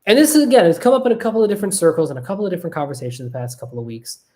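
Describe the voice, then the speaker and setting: Animated podcast host who swears freely. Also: mid-range voice, rapid-fire. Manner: animated, swears freely, asks "right?" over and over. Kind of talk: casual talk on camera. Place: home room at a desk.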